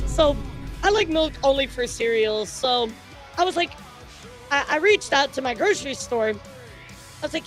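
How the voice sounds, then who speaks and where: A woman streamer telling stories in casual livestream chat, animated and swearing freely. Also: high-pitched, moderate pace, soft background music.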